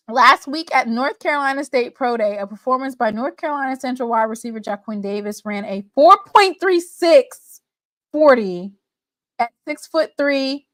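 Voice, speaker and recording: A sassy woman hosts a casual sports livestream and teases her viewers. Her voice sits a little high and sounds dry and close to the mic. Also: a bit bright, no echo. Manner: sassy, gossipy, talks straight to viewers. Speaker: livestream sports show host. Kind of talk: casual live-stream sports talk.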